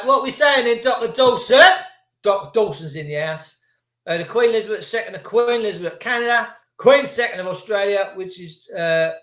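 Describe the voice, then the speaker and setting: Middle-aged man, high-pitched, sweary rambling rant host, echoey room. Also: a bit bright. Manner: profane, sarcastic, rambling. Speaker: livestream host. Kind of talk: ranting live monologue.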